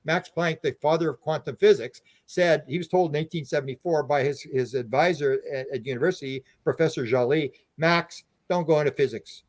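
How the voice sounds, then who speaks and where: A man speaking quickly as a podcast guest, piling one story onto the next with many false starts. His voice sits a little above the usual male range. The recording is dry, with no room sound. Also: fairly high pitch, no echo. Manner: rapid, rambling anecdotes with restarts. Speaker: guest, UFO researcher and author.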